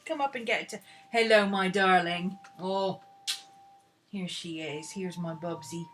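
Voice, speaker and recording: A woman's voice: medium pitch, animated, measured pace, pauses often, fairly bright tone, soft background music. A woman chatting casually at home and cooing baby talk to her dog. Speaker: art vlogger. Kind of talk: casual chat.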